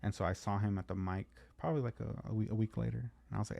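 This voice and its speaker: A man's voice: fairly low pitch, steady tone, rapid-fire, gravelly, dry recording, highs cut off. A man from California telling a long story in casual podcast chat, swearing freely and acting out both sides of the conversation.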